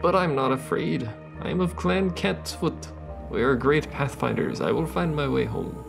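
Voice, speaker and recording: A man's voice: on the high side, lively intonation, moderate pace, gravelly, over music, pitched above the performer's own voice. A man reading a small, proud northern boy's lines in a put-on accent. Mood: defiant. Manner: read aloud with a put-on accent.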